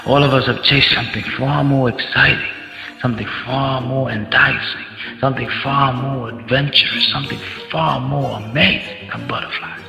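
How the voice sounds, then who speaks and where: A man's voice: mid-range voice, fairly even intonation, normal speed, creaky, pushed and bright. A man telling a story in a speech to an audience, in a dramatic way and with questions to the crowd. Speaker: contest speaker. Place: large hall. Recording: echoey hall, dull sound, faint music.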